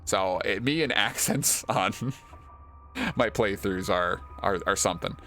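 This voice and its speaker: Casting: male game streamer, low gravelly voice, rambling and self-deprecating. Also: measured pace, pushed and bright, faint music behind. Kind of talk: casual game commentary.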